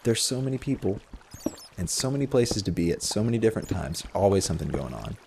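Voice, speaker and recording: Man, low gravelly voice, lively swoops, casual rambling gamer storytelling, noisy home mic. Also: quick pace. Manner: rambling, filler-heavy, self-deprecating. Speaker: Minecraft video host. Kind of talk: casual storytelling while playing a game.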